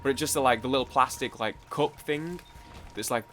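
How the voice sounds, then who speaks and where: A man's voice: mid-range voice, a little fast, a bit bright, soft background music. A young British man rambling chattily through casual let's-play commentary, full of fillers and swearing. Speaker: gaming YouTuber.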